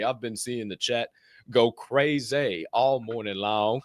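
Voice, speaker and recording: A man hosting a live podcast, chatting in a profane, animated way. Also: on the low side, normal speed, no room sound, clean studio sound. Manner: profane, animated, acts out quoted voices. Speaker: podcast host. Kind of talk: casual live-show chat.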